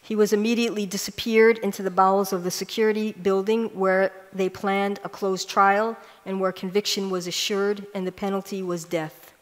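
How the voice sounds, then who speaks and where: A woman's voice: medium pitch, level tone, moderate pace, few pauses. A woman giving a prepared conference talk, telling a personal story earnestly and stressing key lines. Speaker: conference speaker. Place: large church hall. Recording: long hall reverb.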